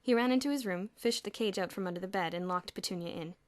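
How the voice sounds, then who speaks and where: A woman's voice: medium pitch, quick pace, dry recording. A woman narrating an audiobook expressively, with audible lip-smacking. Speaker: audiobook reader. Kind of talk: storybook narration. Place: home room with traffic nearby.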